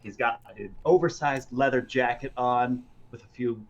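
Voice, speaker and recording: A man describing his character in a loose, relaxed way at a tabletop game. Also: medium pitch, normal speed, dull audio. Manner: loose, relaxed, filler-heavy. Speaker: player.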